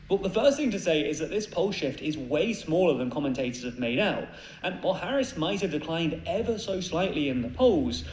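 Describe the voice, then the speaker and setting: A man's voice: a little high, sing-song, a little hiss or hum. Wry man narrating political news. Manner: brisk, wry explanatory delivery. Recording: played clip in an echoey room.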